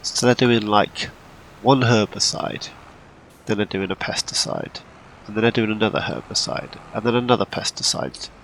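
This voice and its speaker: A man's voice: lowish voice, expressive, moderate pace, creaky, a bit bright, slight background noise, poor audio. A man giving casual, rambling commentary while playing a farming game, now and then poking fun at himself. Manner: rambling and self-deprecating. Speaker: gameplay channel host.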